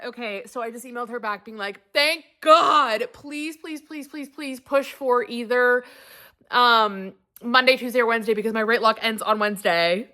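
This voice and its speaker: A woman vlogging straight to camera, telling a long story in an animated, exasperated way. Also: on the high side, unhurried. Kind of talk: casual talking-to-camera vlog.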